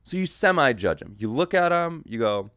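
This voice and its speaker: A man talks his way through a loose comedic monologue, his pitch leaping and dropping as he goes. He breaks into yelled mock voices and stops to find his train of thought. The sound is dry and close to the mic. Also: very animated, normal speed, no echo. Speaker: podcast host. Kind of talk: rambling solo comedic monologue.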